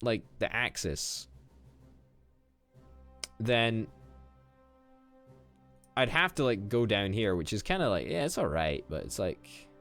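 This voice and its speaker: A young man casually commenting on a strategy game as he plays, excitable, swearing and thinking out loud. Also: on the low side, slow, long pauses, faint music behind. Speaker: gaming YouTuber.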